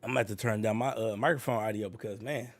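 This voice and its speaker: A sick, congested man with a raspy voice, chatting casually with viewers while he waits for a live event to start. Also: fairly low pitch, fairly even intonation, fast. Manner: slangy, talks to viewers as y'all. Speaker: streamer reacting to a live event. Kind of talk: casual live-stream chat.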